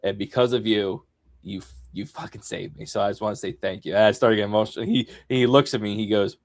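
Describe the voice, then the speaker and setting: A man co-hosting a podcast, chatting casually and telling a story with big swings between loud and soft. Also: fairly low pitch, fairly even intonation, quick pace, dry recording, studio quality. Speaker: podcast co-host.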